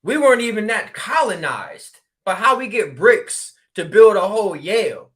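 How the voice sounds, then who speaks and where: A man from Connecticut telling a story in casual talk, acting out the dialogue with quick exclamations. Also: sits high, big pitch swings, a bit bright. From New Haven, Connecticut. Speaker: spiritual regression practitioner.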